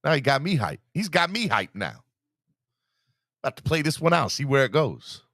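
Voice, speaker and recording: Animated, teasing male podcast host. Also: fairly high pitch, normal speed, no echo, clean studio sound. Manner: animated, teasing, hypes himself up. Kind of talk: casual live podcast chat.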